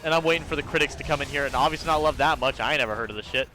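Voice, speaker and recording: A man from Georgia streaming a game, chatting loosely with viewers in a rambling, profane way with sudden excited jumps in pitch. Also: rapid-fire, soft background music. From Georgia, USA. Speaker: gaming streamer. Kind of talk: casual live-stream chat while gaming.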